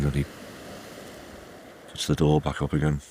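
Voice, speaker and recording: Very deep-voiced storyteller. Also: male voice, fairly even intonation, normal speed, pauses often, darkish tone, slight background noise. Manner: leisurely, repeating phrases, conversational asides. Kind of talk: oral folk-tale storytelling.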